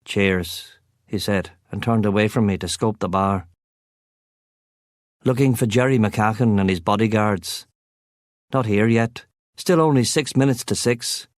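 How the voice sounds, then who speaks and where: A man's voice: fairly low pitch, measured pace, pauses often, no echo. A man narrating a first-person crime novel as an audiobook, with a wry, sardonic delivery on a close studio mic.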